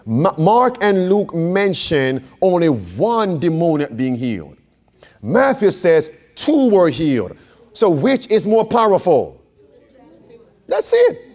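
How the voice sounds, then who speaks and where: Male preacher teaching bible study, voice swoops up and down a lot, slow and deliberate, keeps asking the crowd questions and repeating lines. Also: fairly high pitch, darkish tone. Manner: questions the audience, repeats phrases for emphasis. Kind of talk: interactive Bible study sermon.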